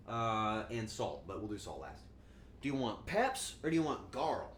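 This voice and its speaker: A man's voice: fairly low pitch, very animated, moderate pace, fairly bright tone, slight background noise. A man chatting casually on a cooking stream, joking and rambling, and acting out quotes in goofy voices.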